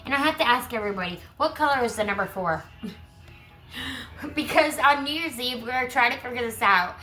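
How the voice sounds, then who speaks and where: Tarot lady w a bright kinda high voice, chatty asides, bit hoarse from losing her voice. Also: expressive, brisk, soft background music, poor audio. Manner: chatty asides between gentle readings. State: losing her voice, clearing throat. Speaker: tarot reader. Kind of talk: collective tarot reading, reading card texts aloud.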